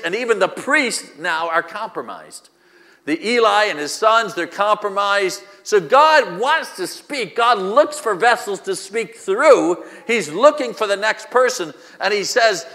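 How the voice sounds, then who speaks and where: Male pastor preaching with repetitive rhetorical questions; high, bright voice in a reverberant church hall. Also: animated, unhurried. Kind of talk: sermon.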